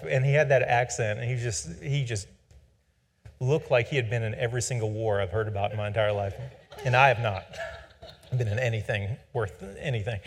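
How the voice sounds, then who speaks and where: A man in his forties telling a rambling personal story with self-deprecating humor. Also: mid-range voice. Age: 40s. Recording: long reverb.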